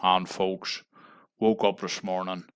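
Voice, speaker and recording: An Irish man making a deadpan mock fundraising appeal on a livestream, pleading and tagging "folks" onto nearly every phrase. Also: low voice, slow pace, clean tone. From Ireland. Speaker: comedic livestreamer.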